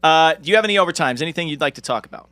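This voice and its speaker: A man's voice: a little high, animated, rapid-fire, bright, forceful tone, no room sound. A man co-hosting a podcast in casual chat, joking and rambling with lots of filler words. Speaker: podcast co-host.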